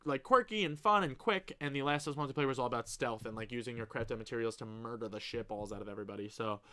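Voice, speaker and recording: A young man hosts a live stream, chatting casually and reading viewer comments aloud with excitable, gushing enthusiasm and an occasional swear. He talks fast in a mid-range voice.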